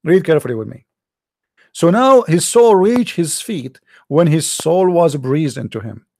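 A little high and sing-song, his voice is creaky and mellow, moving at a measured pace. The Arabic-accented non-native English speaker, an online religious commentator, mocks text on a screen with sarcasm and incredulity and imitates sneezes, all in clean studio sound with no room noise.

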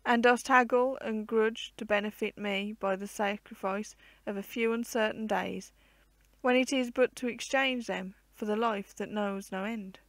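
A woman's voice: mid-range voice, steady tone, measured pace, dry recording, natural voice. A woman voicing a pleading male water spirit who plays the harp and longs for a human soul, in earnest old-fashioned storybook speech. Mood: reproachful.

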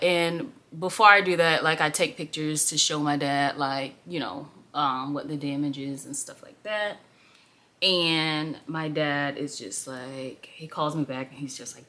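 A woman's voice: sits low, a bit bright. A young woman in her twenties telling a rambling storytime in a chatty way, full of "like", while doing her makeup. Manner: chatty, rambling, heavy use of "like". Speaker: beauty vlogger. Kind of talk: casual get-ready-with-me storytime.

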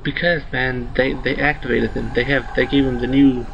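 A man in his twenties rambling through a story while commenting on his gameplay, excitable and swearing freely. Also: medium pitch, normal speed, creaky, muffled recording, a little hiss or hum. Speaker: let's play host.

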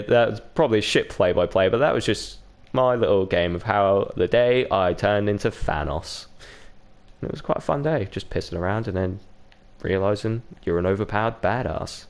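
A man giving casual, profanity-heavy commentary over his own gameplay, with a laid-back manner. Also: on the low side. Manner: laid-back, swears a lot, mimics others. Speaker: gaming YouTuber. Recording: noticeable background noise.

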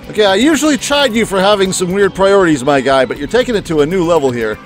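Let's-play host, man; wry, incredulous commentary, animated pitch, soft music bed. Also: brisk. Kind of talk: casual game commentary.

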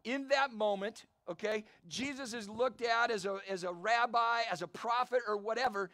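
High-voiced energetic male preacher outdoors. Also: normal speed, no room sound. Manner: energetic storytelling preacher, calls for amens. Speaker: pastor. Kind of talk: sermon. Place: outdoor church service.

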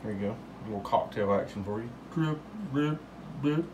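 A man's voice: on the low side, normal speed. Rambling man mixing cocktails. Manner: rambling, joking, drawling asides. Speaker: home cocktail show host. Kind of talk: casual cocktail demonstration. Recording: noisy home recording.

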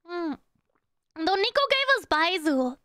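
High bright-voiced woman streamer. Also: very animated, measured pace, no room sound, studio quality. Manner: hums little nonsense syllables between sentences; chatty, greets and thanks viewers one by one. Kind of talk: casual live-stream chat.

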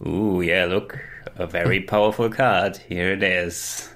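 A man co-hosting a casual podcast, relaxed and chuckling. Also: deep voice, measured pace. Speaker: podcast co-host. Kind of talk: casual chat.

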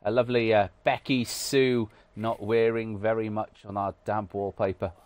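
A man's voice: lowish voice, level tone, moderate pace, darkish tone, no echo. A British man from the UK giving casual, wry commentary over a video game, self-deprecating and full of "uh" fillers. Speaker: gaming channel host.

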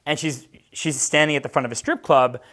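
A man's voice: a little high, steady tone, fairly quick, fairly bright tone. A man working as a dating coach, telling casual stories in a brash, profane way, laughing often and acting out the voices of the people in his stories. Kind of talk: casual storytelling chat.

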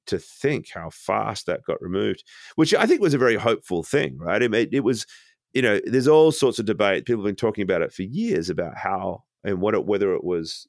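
A man speaking as a podcast guest from his home, talking in a reflective, halting way with many restarts. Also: deep voice, dry recording, studio quality. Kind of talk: casual conversation.

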